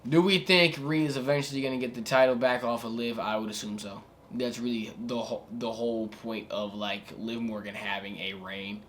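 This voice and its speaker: A man's voice: medium pitch, steady tone, normal speed, few pauses, a bit bright, a little hiss or hum. A young man giving casual reaction commentary as a wrestling vlogger, laid-back and slangy, rambling with filler asides.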